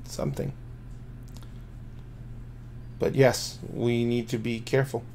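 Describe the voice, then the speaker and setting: A man voicing a quiet, measured spirit of the mind. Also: medium pitch, little pitch movement, gravelly, a little hiss or hum. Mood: grave. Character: calm low spirit, another half within the mind.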